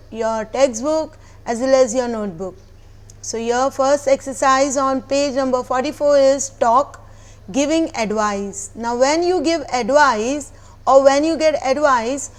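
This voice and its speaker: A woman teacher with an Indian accent giving a recorded class lesson, explaining patiently, repeating phrases and slipping into Hindi. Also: high voice. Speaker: school teacher.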